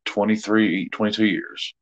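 Easygoing man, low voice. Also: fairly even intonation, normal speed, highs cut off. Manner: rambling, easygoing, many fillers. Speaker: co-host of a live jewelry sale. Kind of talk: casual chat with viewers.

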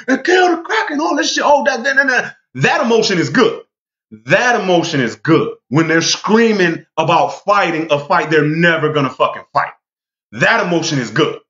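A man rants with a fairly high, animated voice that swings up and down. He is blunt and profane, hammering the same lines over and over for emphasis. The audio is a bit dull and lo-fi. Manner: angry, profane, emphatic, repeats himself for emphasis. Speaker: vlogger. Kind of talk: heated monologue rant.

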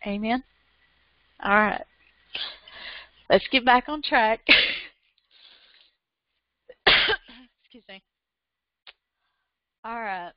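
A woman's voice: on the high side, very slow, pauses often. A woman preaching a fervent, emotional sermon online, repeating phrases and laughing through tears. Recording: dull lo-fi sound.

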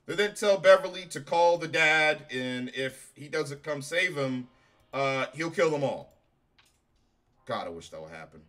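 A man's voice: fairly high pitch, lively intonation, unhurried, fairly bright tone. A man giving a casual reaction review of a show, profane, sarcastic and exasperated. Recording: faint music behind.

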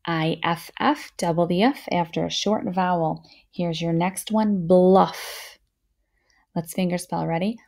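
A woman teaching a phonics lesson to young children, sounding words out slowly and patiently with steady encouragement. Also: lowish voice, vocal fry.

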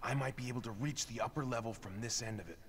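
An actor playing a calm, capable male animal trainer in a video game. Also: medium pitch, fast talker, natural voice. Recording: game audio with clear noise.

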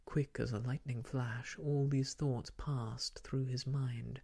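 A man narrates an old novel in a soft ASMR hush, his delivery unhurried and drawn out. His low tones carry a gravelly rasp and an airy, husky texture. He sits close to the microphone, many phrases slipping into a near-whisper. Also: steady tone. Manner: hushed, half-whispered reading. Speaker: storyteller.

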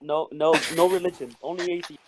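A man's voice: on the high side, fairly even intonation, fairly quick, background noise. A teenage boy co-hosting a casual voice chat podcast, joking and egging on his friends. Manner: joking, eggs others on. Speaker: podcast co-host. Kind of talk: casual group chat on a voice call.

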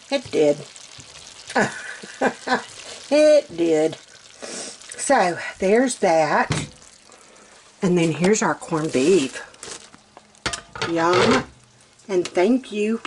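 A Southern woman talks her viewers through a home-cooked meal in an easy, unhurried drawl. Her voice sits at a middle pitch, folksy and chatty, with frequent laughs, and there is a faint sizzle of frying in the background. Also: slight background noise. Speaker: cooking channel host. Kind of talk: casual cooking vlog. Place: home kitchen.

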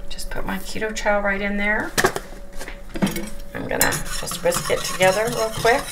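A woman hosting a casual home cooking demonstration in her kitchen, chatting to viewers as she works and repeatedly saying how excited she is. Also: medium pitch, a little slow, very noisy. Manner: chatty, talks straight to viewers as "you guys". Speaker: home cook and channel host.

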